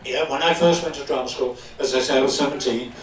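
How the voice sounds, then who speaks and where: An older man from London, an actor telling anecdotes on stage with animated delivery and frequent laughs. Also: mid-range voice, fast talker. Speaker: guest actor. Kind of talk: live stage storytelling. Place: stage in a club hall before an audience. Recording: echoey hall, distant mic.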